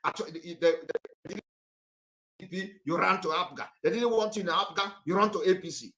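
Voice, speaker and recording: Fiery high-voiced Nigerian man. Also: normal speed. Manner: fiery, repetitive, rises to shouting. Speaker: political activist. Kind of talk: impassioned political address.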